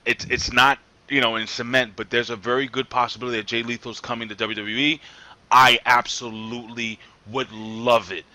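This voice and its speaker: A man hosting a casual wrestling panel, excited, often repeating words as he steers the talk. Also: mid-range voice, normal speed, poor audio. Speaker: podcast host.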